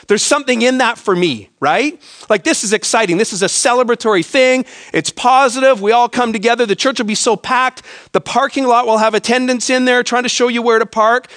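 A man delivers a sermon to his congregation in a relaxed, joking, conversational way, often tossing in "right?". His voice sits high for a man, and the sound is close and dry with little room echo. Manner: conversational, self-deprecating humor with frequent "right?". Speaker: pastor. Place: church sanctuary.

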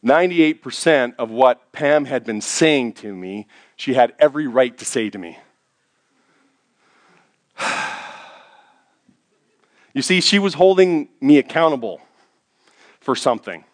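A middle-aged man preaching a sermon to a congregation in a church, telling personal stories and dropping his voice low for quoted thoughts. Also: animated, measured pace, long pauses. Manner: storytelling, drops to a hushed low voice for quoted thoughts. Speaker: pastor.

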